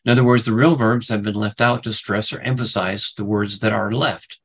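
A man teaching a Bible study lecture, halting with many fillers and restarts, and leaning hard on single words for emphasis. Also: fairly low pitch, steady tone, husky, rough recording. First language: English.

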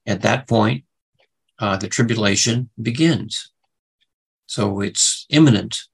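A middle-aged man teaching a Bible study lesson, hesitant, with many fillers and restarts, who rises in pitch when he stresses verses. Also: slow, creaky, husky, low-quality recording.

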